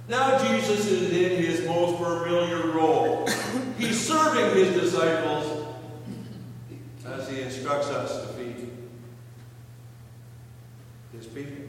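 A man preaching a sermon, retelling scripture with slow, questioning drama. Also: on the high side, lively intonation. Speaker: pastor. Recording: echoey hall from far off, faint hum.

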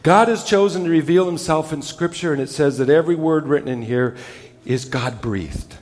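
A male pastor preaching a sermon with emphasis, dropping low and soft on key words. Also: moderate pace, big-room sound.

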